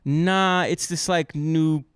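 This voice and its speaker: A man guesting on a comedy podcast, telling stories in a rambling, deadpan way. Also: a little high, slow, clean tone, no room sound, clean studio sound. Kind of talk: casual comedy podcast banter.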